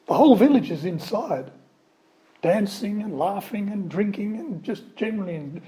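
Man, preacher, sermon, mellow tone, fairly high voice, lively storytelling asides. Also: moderate pace, low-quality recording.

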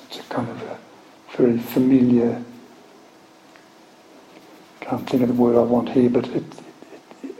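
A man teaching from the Bible, reading scripture aloud slowly with emphatic stress and explaining it. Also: medium pitch, a little mellow. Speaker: preacher. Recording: echoey room, faint background noise.

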